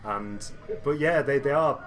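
A man around thirty chatting casually, relaxed, with plenty of "like" and "you know" and casual swearing. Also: medium pitch, unhurried. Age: 30s. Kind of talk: casual chat.

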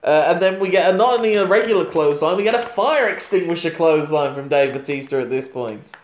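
A man's voice: fairly high pitch, lively intonation, fast talker, roomy sound, a little hiss or hum. A man recapping a film plot in casual chat, with dry asides. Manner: narrates plot in long runs, dry asides. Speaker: podcast co-host recapping a film.

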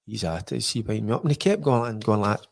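A man's voice: lowish voice, quick pace, vocal fry. A middle-aged Scottish man, a former footballer, telling stories in casual chat with many restarts and acted-out quotes. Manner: rambling storyteller, frequent restarts, acts out quoted voices.

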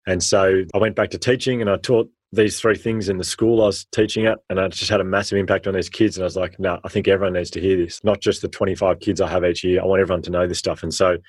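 An Australian man, a former teacher, telling stories with animated, slangy energy in an interview. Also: deep voice, fast, few pauses, no room sound. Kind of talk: storytelling in a podcast interview.

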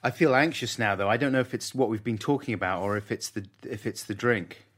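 A man's voice: lowish voice, a little fast, a bit bright. A man co-hosting a podcast who asks playful, teasing questions. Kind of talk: casual podcast chat.

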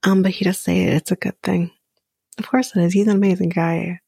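A woman softly recapping a reality dating show in a whispered ASMR style, halting with frequent ums and small laughs. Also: fairly low pitch, fairly even intonation, creaky, slightly rough, no room sound.

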